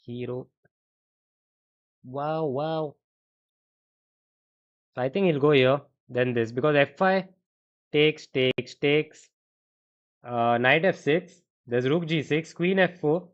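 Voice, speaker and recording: Young indian guy muttering chess lines on stream, kinda high voice, muffled audio. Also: slow pace, long pauses. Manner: calculates chess lines aloud, muttering variations and answering chat. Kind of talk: live stream commentary, thinking aloud.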